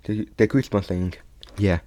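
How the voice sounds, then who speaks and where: A young man telling a fan story in a loose, unscripted way. His voice sits a little low, and he keeps stopping, repeating words and starting over. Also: steady tone, warm tone. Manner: halting, many restarts and repeats. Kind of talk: casual retelling of a fan story.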